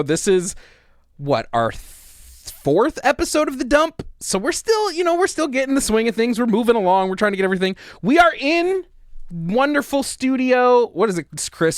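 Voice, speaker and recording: A young man hosts a live talk show from a small studio. His voice sits high and leaps around a lot, loose and chatty, and the room sounds close and dry. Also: no echo.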